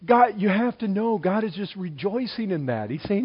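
A man preaching a sermon in an animated way, swinging between loud exclamations and quiet asides. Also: sits high, moderate pace, breathy edge, highs cut off.

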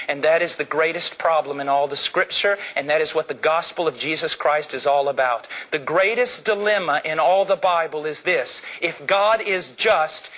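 Male preacher, high forceful voice, fiery emphatic sermon delivery. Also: rough recording. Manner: emphatic, rises to shouting, slows down for stress.

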